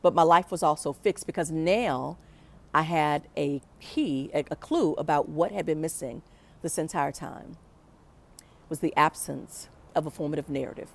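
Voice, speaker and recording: A woman with a slightly low-pitched voice tells a pre-recorded personal story. She is animated and reflective and acts out the voices of the people in her story. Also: normal speed, vocal fry. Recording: pre-recorded for a virtual event.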